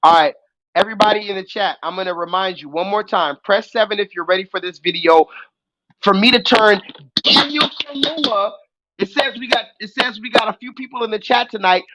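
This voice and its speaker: A young adult man hosting a live call-in stream, ranting loudly and profanely at the chat and mocking his target. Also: high voice, a little fast, poor audio. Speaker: livestream host.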